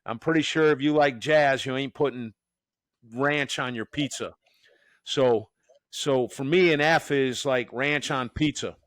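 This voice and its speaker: A man's voice: mid-range voice, unhurried, a bit bright, dry recording. A man from the Northeastern US hosting a podcast as a professor, joking and rambling with many restarts. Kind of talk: casual podcast chat.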